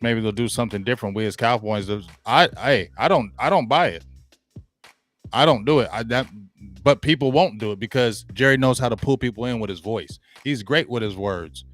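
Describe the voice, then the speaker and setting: A man's voice: medium pitch, animated, brisk. A man hosting a sports talk show, giving blunt, slangy opinions and repeating points for emphasis.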